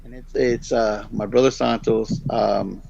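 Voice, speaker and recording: Man, middle-aged, gravelly voice, rambling storyteller, dull lo-fi sound. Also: fairly low pitch, unhurried, slight background noise. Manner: rambling, animated, acts out the voices in his story. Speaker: guest storyteller. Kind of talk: casual storytelling.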